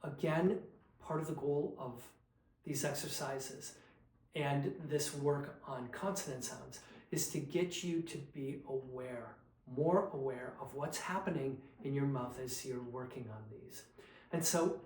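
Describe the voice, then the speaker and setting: A man teaching a choral diction lesson, demonstrating consonant and sung syllable drills in a patient, unhurried way. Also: medium pitch, darkish tone, roomy sound, rough recording. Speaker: vocal coach.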